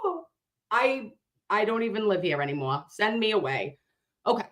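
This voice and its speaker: A woman from Dorchester with a Boston accent, hosting a casual reaction chat. She talks in an animated, excitable way, swears freely and calls her viewers babe and loves. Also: mid-range voice, moderate pace. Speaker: host reacting to a juror interview.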